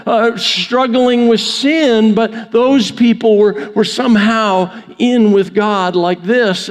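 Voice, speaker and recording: A man preaching a conversational sermon in a church, often restarting his phrases. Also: extremely high pitch. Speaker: pastor. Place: church sanctuary. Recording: long church reverb.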